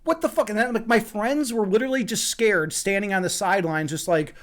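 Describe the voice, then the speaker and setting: American guy streaming, highish voice, swears a ton, rambles and restarts. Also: fairly even intonation, fairly quick, a bit bright. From USA. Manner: profane, rambling, many restarts. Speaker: livestream host. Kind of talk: casual chat, reading out chat comments.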